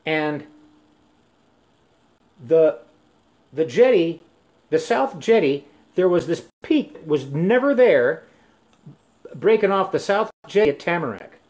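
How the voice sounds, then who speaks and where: Older male musician-host, halting storyteller, slightly high voice. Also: sing-song, darkish tone. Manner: halting, full of restarts and fillers. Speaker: musician hosting a live stream. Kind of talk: rambling storytelling between songs.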